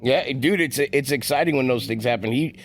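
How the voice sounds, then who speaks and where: A man co-hosting a casual podcast, telling stories in a rambling, quick way on a close mic. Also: medium pitch, no echo. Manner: rapid rambling storyteller, acts out quotes. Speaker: podcast co-host. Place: on-site session at a roofing company.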